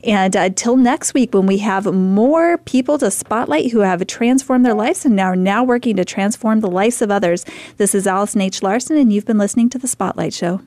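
A woman's voice: medium pitch, moderate pace, few pauses, darkish tone. A woman hosting a talk show, who encourages her guests and wraps up with short affirmations. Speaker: radio show host.

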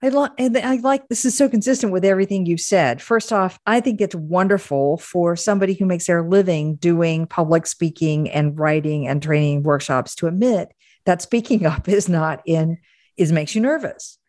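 A woman's voice: fairly low pitch, normal speed, a little mellow, dry recording, studio quality. A woman hosting a podcast interview, affirming her guest and summarizing the takeaways. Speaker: podcast host. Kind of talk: interview and show wrap-up.

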